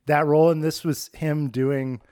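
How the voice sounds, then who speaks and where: A man's voice: on the high side, little pitch movement, moderate pace, dark tone, no echo, studio quality. A young adult man co-hosting a podcast, chatting casually and rambling with lots of "like". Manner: rambling, heavy use of "like". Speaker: podcast co-host. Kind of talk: casual chat.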